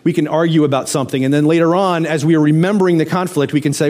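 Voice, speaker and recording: A man's voice: fairly high pitch, steady tone, racing, a little mellow. A man preaching a conversational sermon, often asking the listeners questions. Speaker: pastor.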